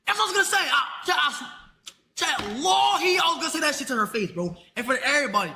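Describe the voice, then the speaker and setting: A teenage boy streaming live, his voice extremely high and piercingly bright. He rants in a heated, profane, rambling rush. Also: very animated, fast talker, gravelly, slight background noise. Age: teens. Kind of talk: ranting live stream talk.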